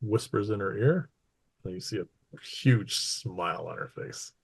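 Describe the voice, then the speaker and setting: A man's voice: fairly low pitch, unhurried, vocal fry, breathy edge. Guy running a tabletop game, laid back descriptive narration. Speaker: game master.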